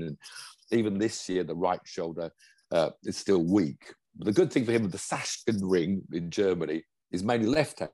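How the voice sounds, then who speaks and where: A man's voice: low voice, warm tone, husky, no echo. A man from England chatting enthusiastically about motorsport as a pundit. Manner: enthusiastic, rambling. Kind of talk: casual motorsport chat.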